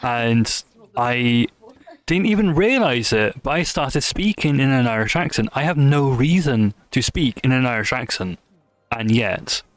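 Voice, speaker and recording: A man's voice: medium pitch, lively intonation, a little slow, no room sound. A man chatting casually with friends during a game stream, tossing in wry jokes. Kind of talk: casual chat while gaming on stream.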